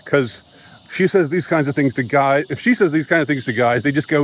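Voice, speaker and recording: A man's voice: fairly high pitch, low-quality recording. A man vlogging an upset, rambling monologue to camera, stumbling and repeating himself as he talks. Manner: agitated, halting, repeats himself.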